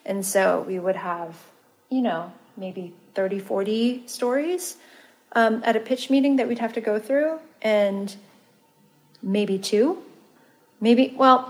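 A woman speaker answering audience questions in a chatty, expressive way, with plenty of ums along the way. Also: medium pitch. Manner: chatty and expressive, with lots of fillers. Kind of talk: casual Q&A answer.

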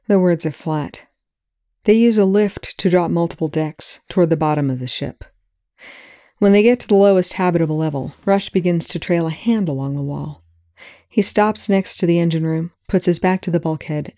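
A reader narrating a story aloud in an even, measured way. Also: medium pitch, vocal fry, dry recording, studio quality. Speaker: audiobook reader. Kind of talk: reading fan fiction aloud.

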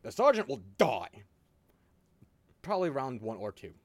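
Guy hosting a podcast, super animated, cusses a lot, laughs through his stories, dry sound. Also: mid-range voice, moderate pace, no echo. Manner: animated storytelling, swears often, laughs a lot. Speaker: podcast host. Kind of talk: casual chat.

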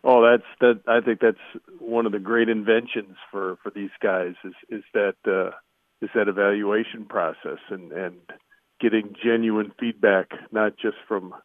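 A man calling in to a sports radio show, speaking thoughtfully with halting fillers over the phone. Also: on the low side, steady tone, dry recording. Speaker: sports writer guest. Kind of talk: radio call-in interview. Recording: tinny phone line.

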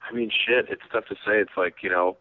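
A man's voice: on the low side, fairly even intonation, a little fast, dry recording. A man guest telling rambling, self-deprecating comedy stories in a casual interview, heard over a phone-like line. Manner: rambling, self-deprecating, acts out quoted voices.

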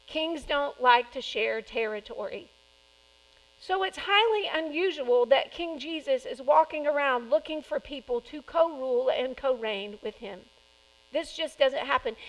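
A woman preaching a sermon in a lively, conversational way, acting out quoted lines. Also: sits high, low-quality recording.

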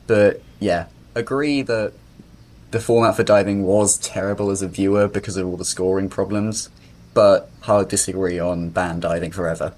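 A man co-hosting a casual podcast, giving his opinions plainly and calmly. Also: low voice, moderate pace. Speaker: podcast co-host.

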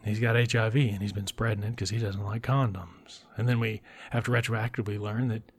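A man with a fairly low voice walks through a film's plot in a casual recap. He talks bluntly and swears freely, and now and then he drops into a breathy whisper for an aside. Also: fairly even intonation, brisk. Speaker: film reviewer. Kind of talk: casual film recap commentary.

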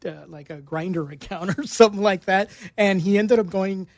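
A woman's voice: medium pitch, moderate pace, darkish tone, no room sound. A woman radio DJ chatting casually and announcing a ticket giveaway, often hesitant with fillers. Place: radio studio.

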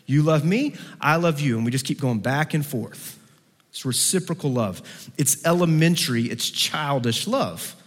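A male pastor delivers a sermon with a slightly higher-than-usual voice, switching into animated character voices for the quotes. His words ring out with a long reverb, as if recorded in a large hall. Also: normal speed. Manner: acts out quoted voices with big pitch swings; shifts between soft low passages and lively raised ones.

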